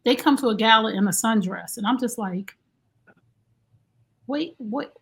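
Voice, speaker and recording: A woman hosting a podcast in casual chat, animated and slangy as she hypes up her guest. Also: fairly high pitch, a little fast, vocal fry, slightly rough. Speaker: podcast host.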